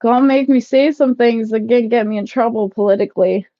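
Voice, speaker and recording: A woman in her thirties chatting casually with live viewers while packing up, loud and laughing, swearing freely. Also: on the high side, brisk, no echo, dull audio. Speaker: livestream vlogger. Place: shed, packing up.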